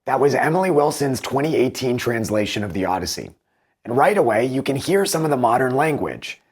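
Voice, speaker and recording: A book reviewer with a husky, medium-pitched voice offers measured, analytical commentary, comparing translations and adding animated emphasis.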